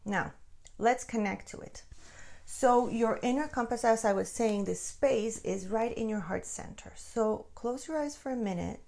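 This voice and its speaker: Gravelly-voiced woman spiritual teacher. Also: on the high side, unhurried. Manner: checks in with viewers, drops to soft near-whispers. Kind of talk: spiritual guidance talk.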